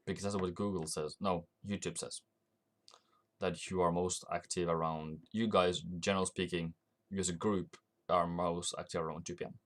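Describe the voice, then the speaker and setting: A man's voice: low voice, steady tone, moderate pace. A man with a Norwegian accent giving rambling live-stream market commentary, thinking aloud with frequent restarts. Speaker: forex trading streamer.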